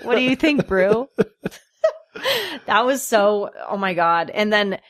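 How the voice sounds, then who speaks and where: A woman's voice: medium pitch, fairly bright tone, no room sound. A woman co-hosting a casual comedy podcast, riffing and giggling through a movie review. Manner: giggly, quick riffing banter. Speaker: podcast co-host.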